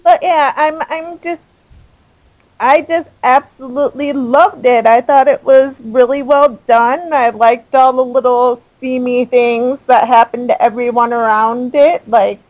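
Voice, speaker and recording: A woman's voice: sits high, steady tone, unhurried, a little mellow, dry recording, poor audio. A woman co-hosting a podcast, chatting casually and enthusiastically about a soap opera. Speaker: podcast co-host.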